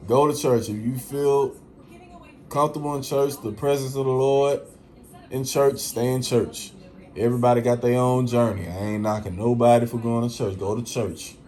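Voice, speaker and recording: A man's voice: mid-range voice, steady tone, moderate pace, a little mellow. A man talking casually to his audience, slangy and emphatic, swearing freely and repeating phrases for emphasis. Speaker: vlogger. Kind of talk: casual monologue to camera.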